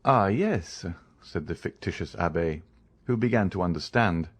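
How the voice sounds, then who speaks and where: A man narrating a classic novel in a measured, dramatic audiobook reading. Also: low-pitched, husky. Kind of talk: scripted narration.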